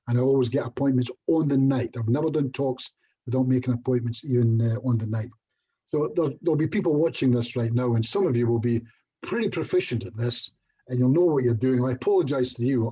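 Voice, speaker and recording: A man's voice: mid-range voice, mellow, breathy edge, highs cut off. A middle-aged Scottish man giving a casual online presentation as a hypnotherapist, chatty and self-deprecating, with little jokes. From Scotland.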